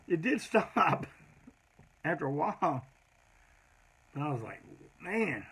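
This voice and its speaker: Middle-aged punk frontman, raspy and punchy, slightly high voice, loose profane anecdotes. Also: big pitch swings, drawn-out words, pauses often, a bit bright. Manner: rambling, profane, peppered with "man". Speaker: punk band singer telling road stories. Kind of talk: casual storytelling monologue.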